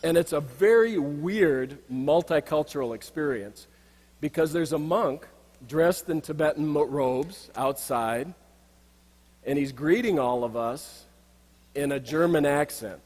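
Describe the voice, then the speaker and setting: In a banquet hall with a long reverb, a middle-aged man who works as an executive coach gives a reflective speech full of anecdotes, gesturing to slides along the way. He speaks unhurriedly in a slightly high, slightly mellow voice, telling stories.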